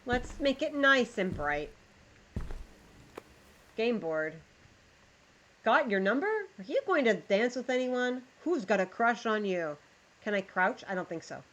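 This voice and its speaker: A woman's voice: on the high side, big pitch swings, measured pace, long pauses, a bit bright, low-quality recording. A woman livestreaming, chatting with her viewers as she plays a game and reads a story aloud. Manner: chatty, talks to chat while playing. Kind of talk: live game commentary and storybook reading.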